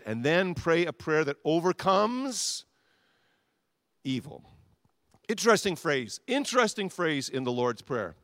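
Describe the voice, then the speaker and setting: A man's voice: mid-range voice, very animated, normal speed, fairly bright tone, no echo, clean studio sound. A male pastor preaching a sermon with emphatic repetition, leading the congregation to repeat phrases back to him. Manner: emphatic, repetitive, leads congregation call-and-response.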